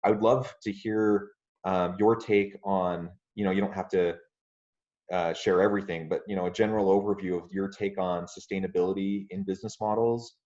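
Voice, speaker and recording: A man hosting a podcast interview, speaking in a polite, measured way with frequent ums. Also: sits low, fairly even intonation, darkish tone. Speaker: podcast host. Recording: muffled lo-fi audio.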